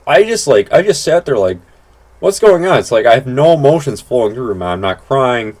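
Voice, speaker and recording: A man's voice: medium pitch, big pitch swings, fairly quick, darkish tone. Rambling young man on game commentary. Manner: rambling, full of "like" and restarts; blunt, swears casually. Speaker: gaming channel host. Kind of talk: casual gameplay commentary.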